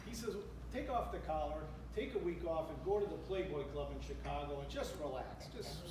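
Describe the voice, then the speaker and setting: An older man tells jokes to a club audience, chuckling at his own punchlines and chatting with the crowd. His voice sits high for a man. The sound is distant and echoey, with the crowd's noise audible behind him. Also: a little fast. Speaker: stand-up comedian. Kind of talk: stand-up joke telling at a live event. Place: club function room with a live audience. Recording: echoey room recorded from afar, crowd laughter.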